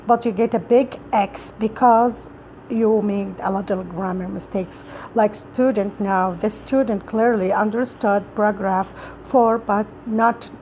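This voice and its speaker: A woman reciting a prepared talk for practice, pausing and restarting often and making small grammar slips. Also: mid-range voice, darkish tone, a little hiss or hum, poor audio. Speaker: student practicing a speech.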